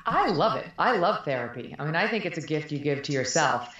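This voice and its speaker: A woman's voice: deep voice, very animated, a little fast, a bit bright, dull audio. A middle-aged woman speaking frankly and animatedly as an interview guest, laughing often. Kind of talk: candid conversational interview. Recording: very echoey room.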